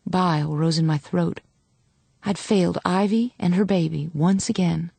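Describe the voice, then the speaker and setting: A woman reads an audiobook with a measured, dramatic first-person delivery. Her voice sits on the low side and the recording is close and dry, with no room sound. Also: gravelly, darkish tone, slightly rough, no room sound. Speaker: audiobook narrator. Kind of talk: scripted audiobook narration.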